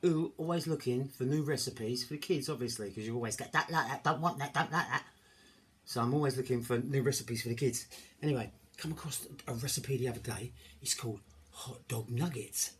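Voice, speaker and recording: A man's voice: mid-range voice, a little fast, breathy edge. A middle-aged man chatting casually to camera in his home kitchen, rambling and jokey. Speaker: home cooking vlogger. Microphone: camera mic.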